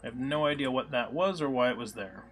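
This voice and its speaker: Casual live-coding man over soft music. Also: mid-range voice, quick pace. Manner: thinks aloud with many fillers, reads chat. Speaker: live-stream coding host. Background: soft background music.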